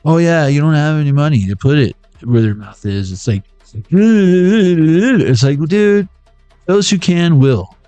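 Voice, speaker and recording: A man's voice: on the high side, animated, unhurried, dark tone, smooth, dry recording, soft background music. A man giving a casual, joking tarot reading on a livestream. He rambles and swears freely. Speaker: tarot reader.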